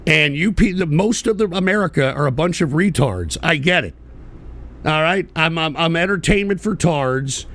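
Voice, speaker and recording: A man's voice: a little high, moderate pace, a bit bright. A man hosting an online political show, ranting bitterly and profanely in a repetitive way. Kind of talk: livestream rant.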